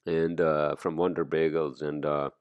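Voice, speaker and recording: A man's voice: extremely low pitch, flat delivery, a little slow, clean tone, no room sound, muffled recording. A man hosting a podcast, talking in a rambling, profane, casual monologue full of fillers. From immigrant to the US. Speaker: podcast host.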